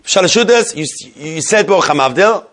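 A man's voice: high-pitched, lively intonation, moderate pace, noisy background. A man teaching a religious law class to a live group, repeating key points and putting questions to his listeners.

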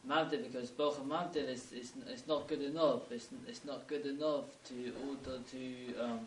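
A man's voice: mid-range voice, steady tone. Hesitant man from the back of a roomy class. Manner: halting, thinks aloud with restarts. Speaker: student in the class. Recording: distant, echoey room mic with faint noise.

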